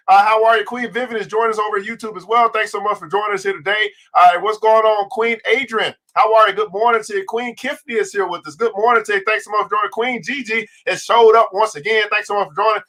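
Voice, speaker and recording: A man's voice: high-pitched, fairly even intonation, fast, few pauses, pushed and bright. A man hosting a livestreamed finance show, talking straight to his viewers and greeting them by name, in a fired-up, preacher-like way that stretches out key words. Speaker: host.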